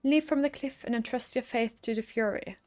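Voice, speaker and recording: A woman's voice: on the high side, fairly quick, a little mellow, lightly acted. Woman reading as a cold inquisitor, solemn, accusing, game dialogue. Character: cold stern male inquisitor.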